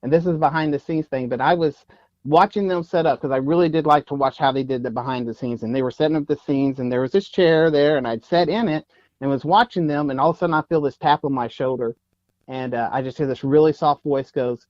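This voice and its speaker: A man's voice: fairly high pitch, fairly quick, darkish tone, dry recording, lo-fi sound. A man from Texas, a guest actor telling stories in a casual interview, rambling with many fillers and restarts.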